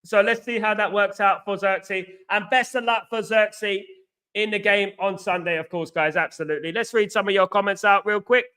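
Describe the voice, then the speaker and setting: A man hosting a casual football fan chat, telling animated stories with slang and asides. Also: high voice, moderate pace, smooth. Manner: animated, chatty storytelling with slang. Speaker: host.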